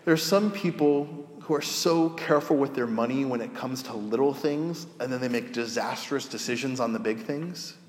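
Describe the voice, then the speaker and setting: A man preaching a sermon as pastor, telling stories in a relaxed, conversational way and acting out the people he quotes. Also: medium pitch. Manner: conversational storytelling, acts out quoted voices. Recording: roomy echo with long reverb.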